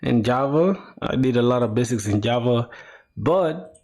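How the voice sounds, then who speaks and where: A relaxed young man talking live to his chat while he codes. He keeps his voice at an ordinary middle pitch and drops easy slang as he reacts to viewers. He explains things on the fly, restarting and filling pauses as he thinks. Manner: laid-back, slangy, calls viewers bro and my boy. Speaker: coding livestreamer. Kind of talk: casual live-stream chat.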